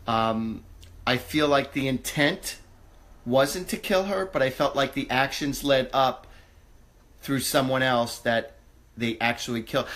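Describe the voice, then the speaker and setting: Male psychic host, live reading, fairly high voice, halting, lots of ums, reassuring. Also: a bit bright. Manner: halting, searching, many fillers and restarts.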